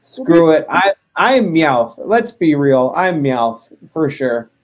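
A man's voice: fairly high pitch, very animated, slow. A man, a wrestler as interview guest, chatting casually in a joking, self-deprecating way.

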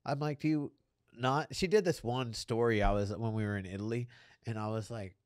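A man co-hosts a podcast in loose, joking chat, swearing freely. His voice sits at a middle pitch. It is recorded close and dry. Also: fairly quick, a little mellow, clear, resonant tone, no echo. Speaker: podcast co-host. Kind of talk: casual chat.

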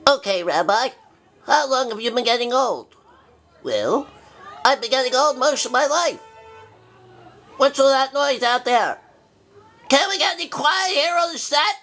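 Squeaky forgetful old bear rabbi puppet, stubborn and flustered man doing the voice. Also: animated, measured pace, long pauses, pushed and bright, heavily acted. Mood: indignant. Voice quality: high-pitched, bumbling and cranky. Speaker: show host. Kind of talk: puppet comedy skit.

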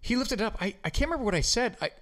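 A man's voice: very high voice, lively intonation, racing, a bit bright. A man hosting a podcast, chatting casually and telling stories with lots of fillers and swearing. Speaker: podcast host. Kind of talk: casual chat.

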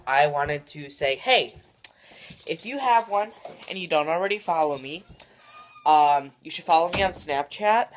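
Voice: medium pitch, slight background noise. A vlogger chatting casually at home into a handheld phone, rambling, giggling and often dropping to a whisper.

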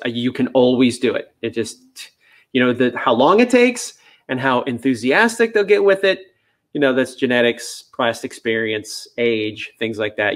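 Chatty male dog trainer. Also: medium pitch. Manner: chatty, laid-back, many fillers. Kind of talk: casual live-stream Q&A.

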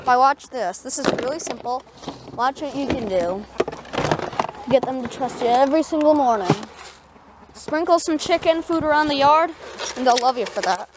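A woman from Canada chatting casually in a backyard tutorial vlog, talking softly to her chickens. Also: high voice, expressive, normal speed, long pauses, noisy background. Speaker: vlogger. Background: chickens clucking.

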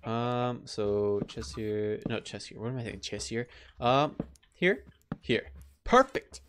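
A man talking through his own survival gameplay in a middle-pitched, casual voice. He rambles at an easy pace, then panics into sudden high-pitched yelps. A faint hiss sits under the recording. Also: a little slow. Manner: chatty, excitable, breaks into high-pitched yelps. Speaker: gameplay let's player.

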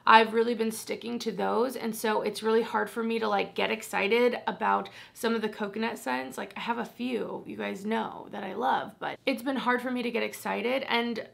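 A woman's voice: a little high, steady tone, moderate pace, gravelly, hardly any pauses, fairly bright tone. A young woman chatting casually about perfumes as a vlogger, rambling and self-deprecating. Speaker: fragrance vlogger. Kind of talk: casual chat.

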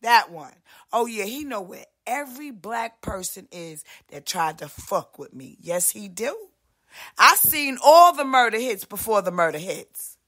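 A woman hosting a podcast, delivering a profane, brash monologue rant and slipping in quick impressions of other people. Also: medium pitch, big pitch swings. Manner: profane, brash, swings loud and soft, voices other people mid-rant. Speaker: podcast host.

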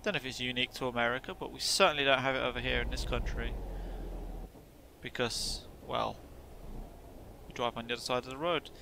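A man's voice: mid-range voice, steady tone, brisk, creaky, pauses often, background noise. A man giving casual, rambling gameplay commentary, swearing offhandedly as he plays. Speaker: gameplay video host. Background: truck driving game sounds.

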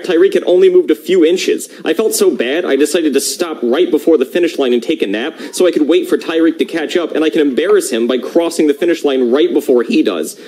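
A man's voice: on the high side, slight background noise, close to an everyday voice. A man voicing a grumpy sarcastic guy. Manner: sarcastic, irritable, expressive. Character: grumpy sarcastic man, ex-high-school runner.

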